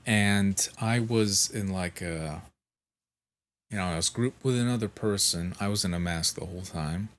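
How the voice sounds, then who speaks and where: A man with a lowish voice tells a long story at an unhurried, drawn-out pace. He sounds sleep-deprived, swears freely and keeps restarting his sentences in casual vlog chat. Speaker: vlogger.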